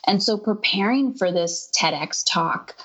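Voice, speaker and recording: A woman's voice: medium pitch, unhurried. A woman in her thirties, a podcast guest, telling a personal story in a casual conversation and acting out the people in it. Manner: animated storyteller, quotes herself and others in lively voices. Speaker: interview guest.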